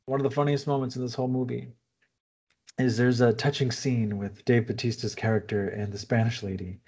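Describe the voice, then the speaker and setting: A man's voice: mid-range voice, flat delivery, brisk, darkish tone, slightly rough. A man chatting casually about a movie as a podcast co-host, loose and laughing at his own points, full of "like" fillers. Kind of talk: casual movie review chat. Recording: dull lo-fi audio.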